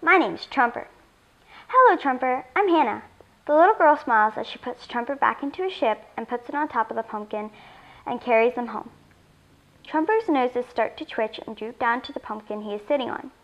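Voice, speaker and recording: A woman reading a children's story aloud in an expressive storytelling voice. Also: fairly high pitch, a little fast, muffled recording. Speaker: story reader.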